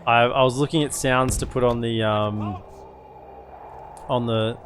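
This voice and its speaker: A man's voice: mid-range voice, steady tone, measured pace, noisy background. A man live-streaming a strategy game, rambling and chatting with viewers, who breaks into sudden exclamations. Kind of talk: live gameplay commentary.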